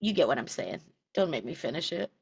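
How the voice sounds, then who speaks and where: A woman's voice: low-pitched, very animated, brisk, vocal fry, a little mellow, slightly rough. A woman co-hosting a casual podcast chat, laughing easily and trailing off mid-thought. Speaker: podcast co-host. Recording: slightly dull remote audio.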